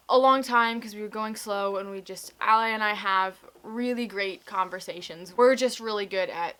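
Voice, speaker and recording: A woman's voice: mid-range voice, bright, forceful tone. A young woman telling stories in a casual video diary, chatty and full of restarts and fillers. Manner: chatty storytelling with many likes and restarts. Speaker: vlogger.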